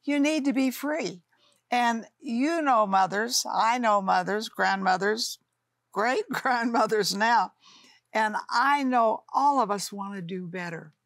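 A woman's voice: fairly high pitch, slow pace, fairly bright tone, dry recording. An older woman co-hosting a talk show, speaking affectionately and calling people honey. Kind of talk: warm studio talk show chat.

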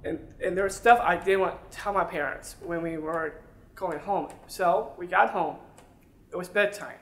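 A man's voice: high voice, normal speed, fairly bright tone. A young adult man telling a personal story straight to his listeners, earnest and repeating words as he goes. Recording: roomy sound with faint music.

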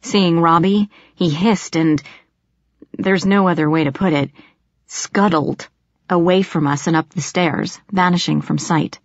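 A woman giving steady, measured first-person audiobook narration. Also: lowish voice, dry recording. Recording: dull lo-fi audio.

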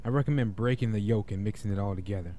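A man's voice: fairly low pitch, fast, warm tone, a little hiss or hum, lightly acted. A man voicing a polite, cheerful male household helper in a game, addressing the other man courteously as sir.

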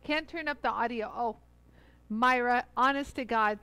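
A Los Angeles-area woman demonstrating jewelry tools on a livestream speaks in a slightly high voice that is bright, forceful, clear and resonant, at a moderate pace with no room sound. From her brightly lit studio bench she chats casually and greets viewers one by one effusively.

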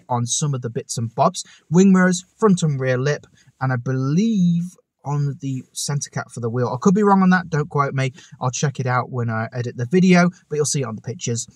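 A man's voice: medium pitch, no echo. A man hosting his own car channel, talking casually to camera outdoors, enthusiastic and full of chatty asides. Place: outdoors on a hot day. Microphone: camera on a tripod.

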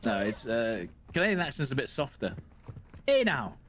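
A man's voice: medium pitch, brisk. A man joking around while playing a video game with friends, in casual gaming banter. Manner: joking, playful, animated. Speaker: gamer co-player.

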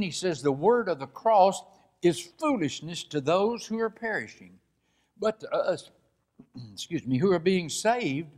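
A man preaching a sermon, reading scripture aloud and explaining it verse by verse, dropping his voice low to press a point.

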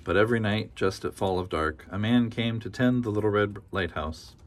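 Man reading a kids' book out loud, fairly low voice, gentle and rhythmic, leans into the repeats. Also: moderate pace. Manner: gentle, rhythmic storytelling with repetitions. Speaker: storybook reader. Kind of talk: reading a picture book aloud.

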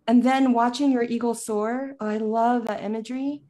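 A woman speaks as a guest coach in a casual chat. She sounds earnest and heartfelt, with a quick laugh. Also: fairly high pitch, steady tone, dark tone.

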